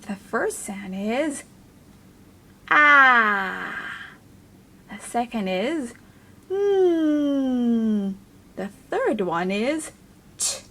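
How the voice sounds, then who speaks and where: Slow, lively-voiced woman teaching phonics. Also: a little high. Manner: sounds out letters one at a time, drawn-out and encouraging; talks to a puppet helper. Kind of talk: slow, sing-song phonics lesson for young children.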